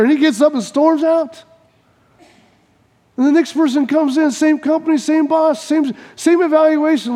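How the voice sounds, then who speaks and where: A man's voice: very high-pitched, steady tone, moderate pace, mellow, big-room sound. A man preaching a sermon as pastor in a conversational, humorous way, often stammering and restarting.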